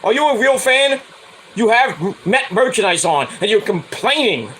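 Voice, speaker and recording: A man's voice: expressive, moderate pace, fairly bright tone, a little hiss or hum, rough recording. Profane New man ranting about sports. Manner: profane, blunt, mocks with high whiny voices. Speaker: podcast host. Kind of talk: casual sports rant.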